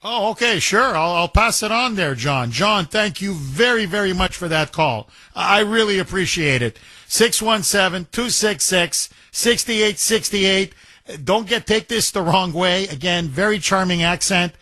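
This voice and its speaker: A man's voice: sits high, expressive, measured pace, bright, forceful tone, no echo. A man hosting a call-in talk radio show, emphatic and combative, joking with his callers. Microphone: studio microphone.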